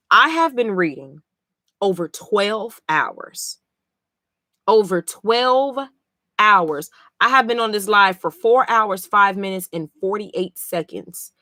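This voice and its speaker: A woman's voice: mid-range voice, sharp tone, no room sound, clean studio sound. A woman streaming live as she reads comics aloud and reacts, emotional and blunt, swearing freely between passages.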